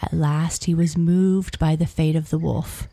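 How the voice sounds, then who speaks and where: A woman narrating a fable in a slow, hushed storytelling manner. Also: low voice, fairly even intonation, no echo. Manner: slow, hushed, gravelly reading. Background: crickets.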